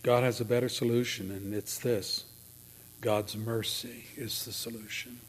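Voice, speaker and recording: A man preaching a sermon in a dramatic way, moving from loud emphasis to near whispers. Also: mid-range voice, flat delivery, a little slow, slight background noise.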